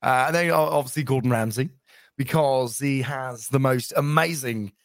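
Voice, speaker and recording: A male voice actor and impressionist, talking in a lively, self-interrupting way during a casual interview. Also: mid-range voice, moderate pace, dry recording, studio quality.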